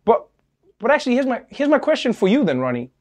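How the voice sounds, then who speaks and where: A man hosting a comedy news show, trading scripted banter in an animated way that sometimes stammers and gets flustered. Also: very high voice, fast. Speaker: late-night comedy news host.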